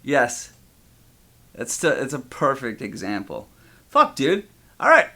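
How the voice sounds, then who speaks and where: A man co-hosting a podcast in casual chat, animated and quick to agree. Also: mid-range voice. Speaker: podcast co-host.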